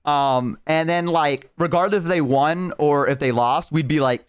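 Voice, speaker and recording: A man's voice: on the high side, normal speed, few pauses, smooth. Rambling, profane young man. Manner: rambling, profane, heavy use of "like". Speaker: streamer. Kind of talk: casual chat.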